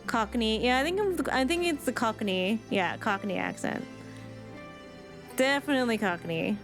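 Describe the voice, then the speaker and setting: Chatty high-voiced woman game streamer. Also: expressive, normal speed, soft background music. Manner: chatty, playful, rambling asides. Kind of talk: casual let's-play commentary.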